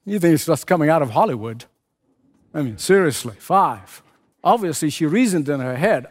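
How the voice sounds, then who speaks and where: A man's voice: fairly high pitch, lively intonation, normal speed. A man preaching a sermon with an impassioned, repetitive cadence, hammering his points again and again.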